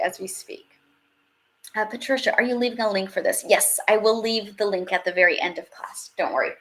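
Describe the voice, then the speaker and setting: A woman teaching a live online French class, chatty and upbeat, reading out viewer questions as she goes. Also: mid-range voice.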